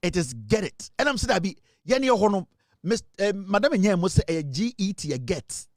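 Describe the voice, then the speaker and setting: A middle-aged Ghanaian man hosting a live online political show, an animated storyteller who switches between Twi and English and laughs often. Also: high-pitched, a little fast, dry recording, clean studio sound. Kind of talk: lively livestream commentary.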